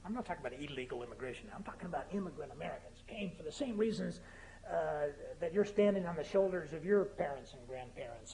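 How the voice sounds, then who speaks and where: A man's voice: fairly high pitch, expressive, fast, a little mellow. A man in his fifties giving a political speech in a university lecture hall, building to fervent, emphatic crescendos between humorous asides. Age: 50s. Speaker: guest speaker.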